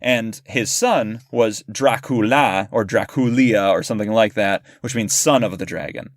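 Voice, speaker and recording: A man's voice: fairly low pitch, lively intonation, normal speed, dry recording, clean studio sound. A man co-hosting a podcast, chatting casually and at length about a film, often restarting his sentences. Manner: talkative, restarts and explains at length. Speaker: podcast co-host. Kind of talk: casual movie discussion.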